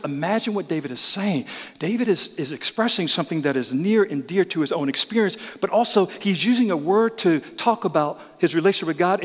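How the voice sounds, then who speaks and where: A pastor delivers his sermon in a somewhat higher male voice, full of energy as he climbs loud and falls quiet again. He talks straight to the congregation with questions and asides, and his words ring out with the long reverb of a church hall. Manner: dynamic preaching, swinging between loud raised passages and quiet low ones. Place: church sanctuary.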